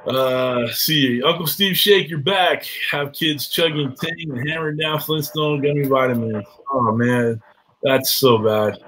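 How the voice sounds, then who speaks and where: A man's voice: medium pitch, steady tone, measured pace, fairly bright tone, low-quality recording. Casual swearing livestream host man. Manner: loose, swearing, laughing banter. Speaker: live show host. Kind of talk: casual live-stream chat.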